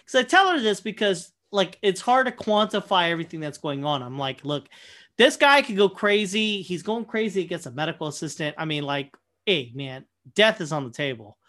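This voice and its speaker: A young man casually telling a profane, animated story, full of fillers and quoted asides. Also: high-pitched, normal speed. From Michigan, USA. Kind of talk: casual anecdote chat.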